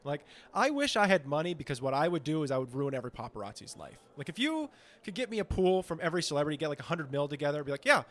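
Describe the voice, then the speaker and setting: A man co-hosting a comedy podcast in casual, rambling chat, swearing often and acting out quotes in a high voice. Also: sing-song, very fast, a bit bright. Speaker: podcast co-host.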